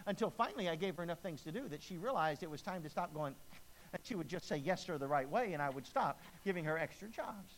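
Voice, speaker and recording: A middle-aged man preaching with dramatic swings, rising to loud, emphatic peaks and dropping to quiet, intense lows. His voice sits a little high for a man. A faint hiss of noise runs under the recording. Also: lively intonation, fast talker, poor audio. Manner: dynamic preaching, swinging between booming emphasis and hushed low delivery. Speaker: pastor. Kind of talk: sermon.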